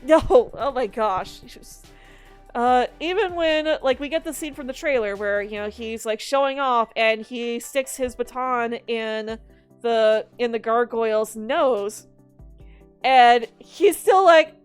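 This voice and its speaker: A woman giving casual movie commentary in an animated, exasperated, rambling way. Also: a little high, takes it slowly, clean tone, soft background music. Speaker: video commentator.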